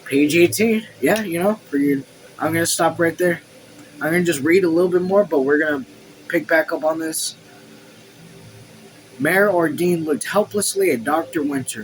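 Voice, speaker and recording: A man hosting a casual book read-along at home, reading the text and even the punctuation aloud, then breaking off into excited, swear-filled asides. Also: on the high side, normal speed, slight background noise, rough recording. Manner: reads quotes and punctuation marks aloud. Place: his room at home.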